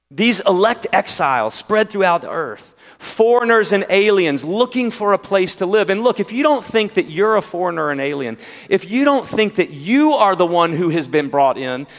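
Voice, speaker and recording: Southern guy preaching to his church, slightly high voice, big pauses, loud then quiet, lots of hall echo. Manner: preaching with emphatic pauses, swinging between loud and hushed. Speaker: pastor. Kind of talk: sermon. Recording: long hall reverb.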